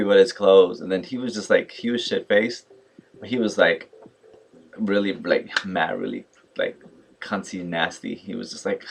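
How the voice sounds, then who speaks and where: Young man, low-pitched voice, casual vlog storyteller, animated and chatty. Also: moderate pace, creaky, slight background noise. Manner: animated, mimics others in quotes, many fillers like "like" and "yo". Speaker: vlogger.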